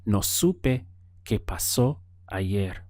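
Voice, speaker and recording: Slow, patient man teaching a language. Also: fairly low pitch, animated, darkish tone, no echo. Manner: slow, patient prompting with pauses for the learner. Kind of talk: audio language lesson.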